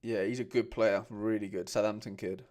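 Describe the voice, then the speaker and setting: A man's voice: fairly low pitch, steady tone, moderate pace, darkish tone. A man hosting a casual livestream, chatting with viewers and calling them mate. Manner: chatty, reads out viewer comments, calls people mate. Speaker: host.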